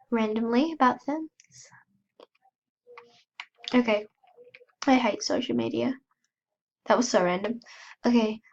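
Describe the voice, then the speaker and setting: A woman's voice: fairly high pitch, highs cut off. A woman with a cold giving chatty, self-mocking commentary as she plays, gasping and squealing when startled. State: has a cold. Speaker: gaming channel host. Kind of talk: casual gameplay commentary.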